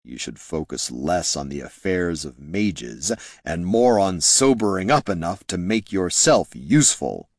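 A man voicing a haughty, condescending young male wizard who speaks in a cold, slow, disdainful way in an audiobook. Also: low voice, expressive, dry recording, clean studio sound, full character voice.

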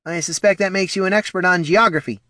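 Man playing a high-voiced, clipped, prim gentleman, sharp tongue, storybook. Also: animated, fairly quick, dry recording, studio quality. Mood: snappish. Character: prim, curt mustached male office gentleman.

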